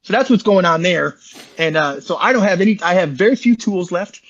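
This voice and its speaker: A man's voice: high voice, expressive, a little fast, fairly bright tone, lo-fi sound. A man as an interview guest, telling his story in a rambling, slangy, casual way and calling listeners bro. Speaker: interview guest, online community founder.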